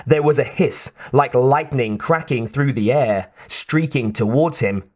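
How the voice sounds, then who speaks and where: A man reading an audiobook in a slow, measured narration. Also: mid-range voice.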